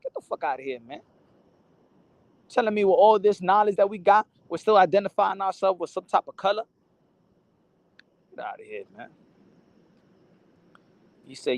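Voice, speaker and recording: A man's voice: high voice, expressive, normal speed, pauses often, no echo. A man hosting a boxing channel, ranting casually to the camera, cursing often, stumbling over and repeating his words, and slipping into Spanish phrases. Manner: rambling and profane, stammers and repeats words.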